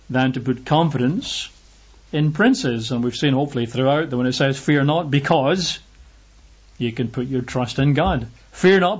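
A man's voice: on the high side, a little mellow, slightly rough, dull audio. A man preaching a sermon and reading Bible verses aloud, stressing his points by repeating phrases.

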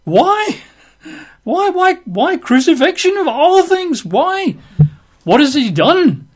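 An exasperated Roman governor, a middle-aged man, fires off incredulous, pleading questions, as a male preacher acts him out. His voice jumps well above a normal speaking pitch while he argues. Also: expressive, a little slow.

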